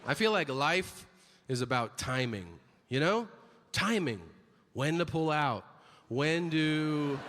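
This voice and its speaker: A man's voice: on the high side, a little hiss or hum. A man doing stand-up comedy, telling stories and acting out the voices of people in them. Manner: animated, acts out voices in his stories. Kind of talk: stand-up storytelling. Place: comedy stage. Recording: live stage with long hall reverb, faint ambience.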